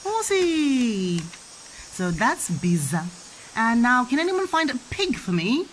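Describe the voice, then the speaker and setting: A woman playing pretend with her child, teaching animal names in an animated, playful sing-song way. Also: on the high side, slow, a little hiss or hum.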